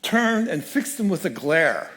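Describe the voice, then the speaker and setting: A man giving a sermon as guest speaker at a church, telling a story with lively changes of voice. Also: a little high, measured pace. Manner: animated storyteller, acts out quoted voices. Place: church sanctuary.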